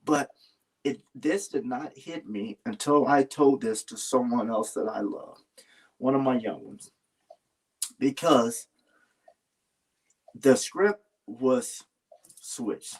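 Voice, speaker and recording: A man's voice: medium pitch, slow, pauses often, husky. A man talking earnestly in a casual heartfelt conversation, rambling and restarting his sentences. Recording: voice a little far from the mic.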